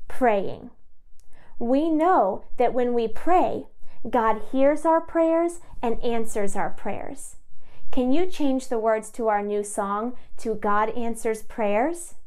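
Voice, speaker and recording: A woman teaching music to young children, talking slowly and cheerfully and singing simple songs with them. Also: on the high side, a little mellow. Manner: slow, cheerful and encouraging, talking to small kids. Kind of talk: sing-along lesson for young children.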